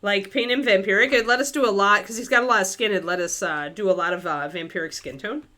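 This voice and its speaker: A woman's voice: mid-range voice, quick pace, sharp tone. A woman hosting a miniature-painting livestream, chatting casually and thinking aloud with many fillers.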